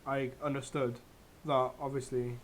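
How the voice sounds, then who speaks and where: A man's voice: mid-range voice, level tone, a little slow, a little hiss or hum. A young man co-hosting a casual TV review, chatty and enthusiastic, often correcting himself. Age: young adult. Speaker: co-host reviewing a TV series. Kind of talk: casual chat.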